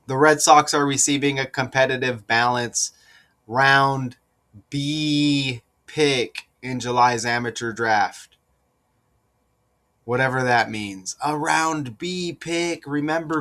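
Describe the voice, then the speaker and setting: A man giving casual solo commentary on sports number patterns, repeating his points with rhetorical asides and growing more insistent. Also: on the high side. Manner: slow, deliberate, rising to excited insistence.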